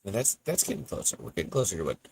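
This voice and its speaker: A man's voice: lowish voice, big pitch swings, rapid-fire, vocal fry, darkish tone, a little hiss or hum. A man hosting a podcast in casual, rambling livestream chat, breaking off mid-thought and laughing often. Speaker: podcast host.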